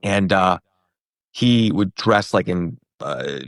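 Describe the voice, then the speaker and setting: Man, thirties, comedian, animated storytelling, low voice, dry recording. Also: takes it slowly, dry recording. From New York and Pennsylvania. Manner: animated, acts out quoted voices. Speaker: comedian guest. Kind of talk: casual storytelling.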